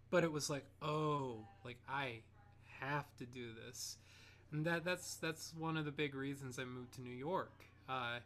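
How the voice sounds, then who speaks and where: A man from Ohio, a composer and pianist, telling a story as an interview guest in an animated, rambling way, full of "like" and restarts. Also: medium pitch, a little hiss or hum. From Ohio, United States. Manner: animated, full of "like" and "you know", many restarts. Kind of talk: reflective conversational storytelling.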